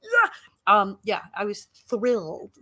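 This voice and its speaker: A woman in her sixties, a guest actress, telling lively anecdotes in a casual interview and laughing often. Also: mid-range voice, slow.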